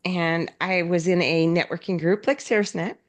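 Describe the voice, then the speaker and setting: A woman speaking at a business event, with a slightly low voice. She tells her stories with animation, jumping into the voices of the people she quotes. Her talk is loose, full of fillers and restarts. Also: fairly even intonation, moderate pace. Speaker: conference speaker. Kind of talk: storytelling keynote talk.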